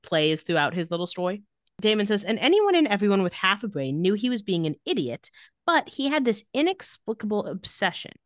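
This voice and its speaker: A woman's voice: medium pitch, dry recording. A woman co-hosting a recap podcast in a casual chat, reading out scene dialogue with dry sarcasm. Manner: sarcastic, retells scenes by reading lines in a flat voice. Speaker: podcast co-host recapping a TV episode.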